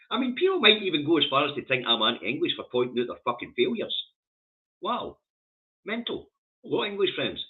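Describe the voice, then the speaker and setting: A Scottish man hosting a news review stream, reading headlines and ranting about them with scorn and heavy swearing. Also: medium pitch. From Scotland. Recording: tinny phone-like audio.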